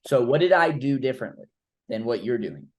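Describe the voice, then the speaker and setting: A man's voice: mid-range voice, big pitch swings, fairly quick. A man coaching a trainee through cold-call role-play, blunt and informal, with the odd swear word. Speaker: recruiting coach.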